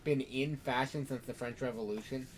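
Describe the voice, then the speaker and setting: A man's voice: medium pitch, steady tone, moderate pace, a little hiss or hum. A man narrating as game master in a casual, loose way.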